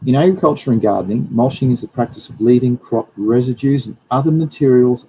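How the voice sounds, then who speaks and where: This livestream host, a plant scientist, talks a little fast in a mellow, expressive mid-range voice. He rambles chattily and self-corrects while reading through slides, and the poor audio carries a bit of hiss or hum.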